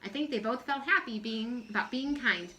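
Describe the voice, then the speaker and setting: A woman's voice: fairly high pitch, moderate pace, sharp tone, slight background noise, poor audio. A woman reading aloud the lines of an eager young schoolgirl in a storybook.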